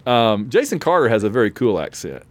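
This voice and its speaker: A man's voice: mid-range voice, big pitch swings, brisk, dry recording. A man hosting a podcast in casual chat over an online call, laughing often and restarting his sentences. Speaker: podcast host.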